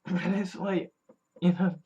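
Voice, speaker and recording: A vlogger in a candid personal monologue, blunt and profane, sighing and trailing off, then flaring into mocking loud bits. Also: mid-range voice, little pitch movement, slow, vocal fry, highs cut off, background noise. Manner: blunt and profane, with frequent sighs and trailing restarts; swings between weary mutters and mocking shouted quotes.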